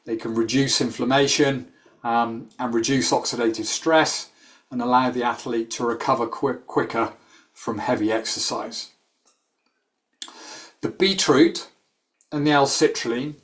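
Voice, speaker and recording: A man explaining sports health science in a quick, animated manner with frequent fillers. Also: medium pitch. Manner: animated, rapid speech with many fillers. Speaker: sports medicine clinician. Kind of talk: explanatory talk.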